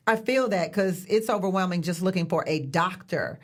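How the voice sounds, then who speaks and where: A woman's voice: fairly low pitch, normal speed. A woman co-hosting a late-night talk show, playful and upbeat in casual chat. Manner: playful, upbeat, calls people sis.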